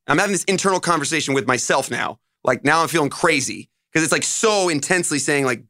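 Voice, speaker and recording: Rambling, animated male interview guest. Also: on the high side, fast talker, no room sound, studio quality. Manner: loose, rambling, animated storyteller. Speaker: guest musician. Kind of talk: casual interview storytelling.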